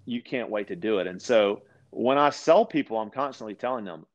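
A man from Louisiana, chatting casually as a guest and telling animated stories, often restarting his sentences and acting out quoted voices. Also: fairly low pitch, fairly quick, highs cut off. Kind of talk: casual storytelling chat.

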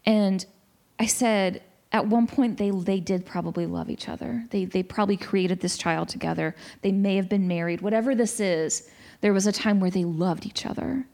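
A woman in her forties in a casual discussion, telling a story in an animated way with many restarts. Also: medium pitch, moderate pace, creaky.

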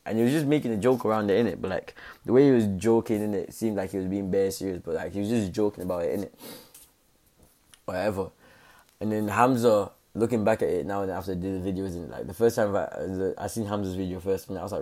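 A young man rambles through a casual commentary, full of slang and tag questions. His voice sits low and sounds dark and mellow. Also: moderate pace. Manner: rambling, slangy, fillers like innit. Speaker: content creator.

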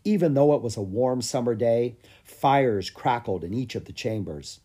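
A man reading a children's book aloud as scripted narration, with a lively storytelling manner. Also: medium pitch, moderate pace, breathy edge. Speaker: audiobook reader.

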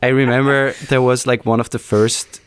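A man's voice: medium pitch, flat delivery, normal speed, crowd noise. A man from Austria co-hosting a podcast in casual chat, joking and self-deprecating. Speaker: podcast co-host.

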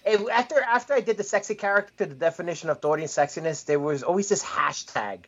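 A man, a wrestler guest, talking in a relaxed, easygoing way in a casual interview. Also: fairly high pitch, fast, lo-fi sound.

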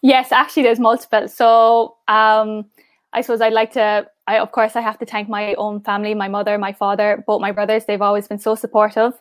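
A woman's voice: medium pitch, flat delivery, a little fast, smooth, no room sound, clean studio sound. A young woman with an Irish accent, a guest in a casual interview, chatty and upbeat with lots of "like" and "I suppose". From Ireland. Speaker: interview guest, pageant finalist.

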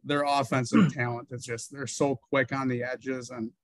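A man co-hosting a sports podcast, giving measured, reasoned takes in casual chat. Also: mid-range voice, little pitch movement, no room sound, low-quality recording. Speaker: podcast co-host.

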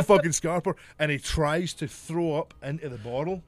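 A man's voice: on the high side, normal speed, darkish tone. Man, casual podcast storyteller, profane, laughs mid-sentence. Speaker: podcast co-host telling a story.

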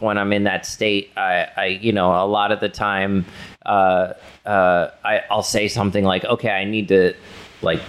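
A man with a somewhat low voice talks things through with his partner in a loose, rambling way. He circles back, restarts his sentences, leans on fillers, and swears without much thought. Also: smooth. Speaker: partner in a couple's talk. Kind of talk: casual conversation with partner.

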